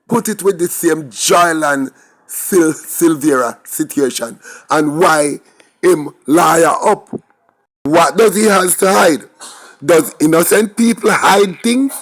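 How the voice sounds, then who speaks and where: A man with a Jamaican accent giving opinionated crime commentary, talking straight to his viewers and firing off rhetorical questions. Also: on the high side. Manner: emphatic, rhetorical questions, talks to viewers directly.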